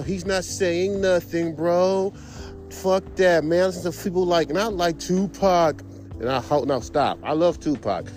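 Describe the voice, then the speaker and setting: Podcast host and rapper, male, a touch high-pitched, swears constantly, heated rambling rant, faint music bed. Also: a little mellow.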